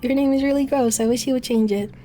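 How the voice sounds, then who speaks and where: Woman streamer, casual chat, rambling and swearing, warm soft tone, faint music behind. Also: sits high, steady tone, fast. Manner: rambling, profane, frequent laughs. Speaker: VTuber streamer.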